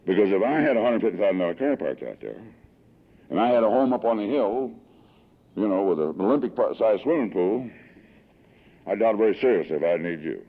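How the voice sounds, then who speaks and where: A man's voice: fairly low pitch, animated, brisk. A man in his sixties from Southern California giving a heartfelt personal testimony at a recovery meeting, telling his story with emotional swells. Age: 60s. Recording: tinny lo-fi 1982 archive tape.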